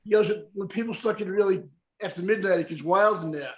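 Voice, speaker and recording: A man's voice: sits high, fast talker. A man hosting a casual talk show, chatty and rambling, always checking in with "right?" and "you know what I mean?". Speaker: host.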